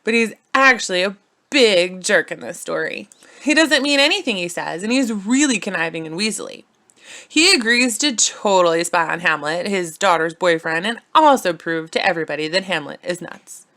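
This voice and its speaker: A woman's voice: lowish voice, expressive, normal speed, sharp tone. A young woman narrating a playful, silly retelling of a classic story, with casual slangy asides.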